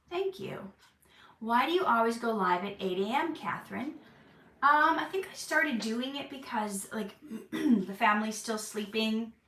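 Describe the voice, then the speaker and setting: A woman's voice: fairly high pitch, vocal fry, pushed and bright. A woman in her thirties hosting a casual live-stream Q&A, chatty and jokey as she reads out viewer comments. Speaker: live-stream host answering chat. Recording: roomy, a bit far from the mic.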